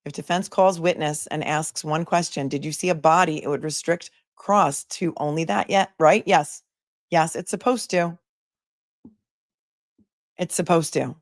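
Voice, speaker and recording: A woman's voice: sits low, a little slow, no room sound, studio quality. A woman attorney hosting a live commentary stream, chatting casually and sarcastically while reading viewer comments aloud.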